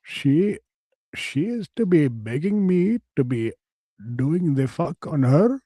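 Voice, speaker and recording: A man's voice: on the high side, very animated, normal speed, darkish tone, no room sound. A man voicing a flustered, prim male office worker who talks in a stiff, overly formal way. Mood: boastful.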